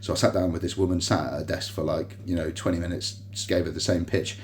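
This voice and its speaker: A man's voice: deep voice, little pitch movement, fast, slight background noise. A man in a hospital room, rambling through a personal story to a phone on a tripod, full of fillers and restarts. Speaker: vlogger recounting a personal grievance. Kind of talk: rambling monologue to camera.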